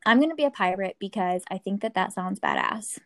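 A woman in casual chat, playful and quick to laugh. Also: medium pitch, wildly swooping pitch, vocal fry, no room sound.

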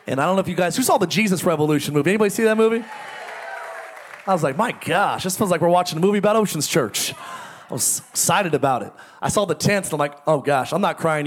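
A middle-aged man, a pastor, talking a little tired from jet lag as he welcomes his congregation with jokes and announcements, now and then breaking into loud emphatic bursts. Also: a little high. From United States. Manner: playful, self-mocking, swings to loud emphatic bursts. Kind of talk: joking church welcome and announcements. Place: church auditorium before a congregation.

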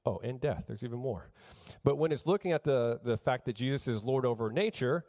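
A middle-aged man delivers a sermon with earnest conviction. He builds emphasis by repeating phrases and often restarts his sentences mid-thought. His voice sits at an ordinary middle pitch. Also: lively intonation, a little fast, a little mellow. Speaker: pastor.

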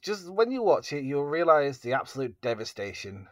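A man's voice: on the high side, sing-song, moderate pace, no room sound. Rambling man co-host, dry sound. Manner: rambling, laughing, filler-heavy. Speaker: podcast co-host. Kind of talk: casual chat.

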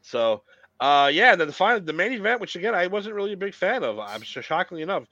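This co-host's voice sits high and sing-song, pushed and bright, and he talks fast while rambling casually about old wrestling matches and cursing freely. The podcast recording is dull and lo-fi, with slight background noise.

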